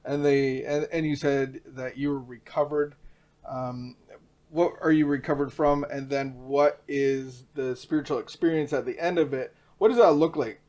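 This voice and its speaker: A man's voice: medium pitch, fairly even intonation, moderate pace, darkish tone. A man interviewing a guest, who asks probing follow-up questions in a conversational tone.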